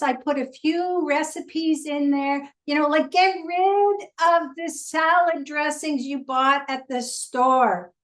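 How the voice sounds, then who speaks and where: A woman's voice: high-pitched, reverberant. A woman giving a cooking demonstration on a video call in a chatty, plain instructional way. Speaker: guest presenter.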